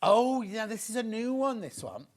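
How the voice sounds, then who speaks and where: A chatty, excitable man hosts a live shopping show. His voice sits high for a man, and he gushes over each product while chatting with viewers and crew. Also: normal speed. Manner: lively and gushing over the products. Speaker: shopping channel presenter.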